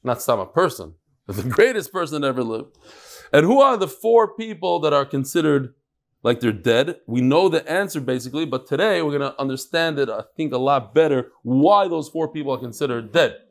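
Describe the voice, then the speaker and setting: Guy teaching a talmud class, voice sits a bit high, kidding around with the room. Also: lively intonation, moderate pace, gravelly. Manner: joking, teasing back and forth with a live class. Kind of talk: daily Talmud class with casual banter. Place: classroom with a live audience.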